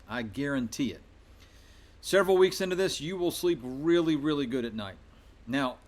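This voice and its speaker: A man speaking as a middle school soccer coach, giving a firm, emphatic welcome talk to his players. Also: mid-range voice.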